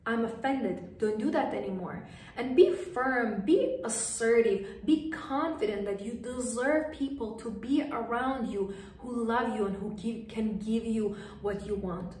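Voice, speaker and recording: Female coach, high voice, firm repeated commands; roomy distant recording. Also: a little slow, a little mellow. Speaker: lifestyle coach. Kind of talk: motivational advice to camera. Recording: echoey room, voice distant from mic.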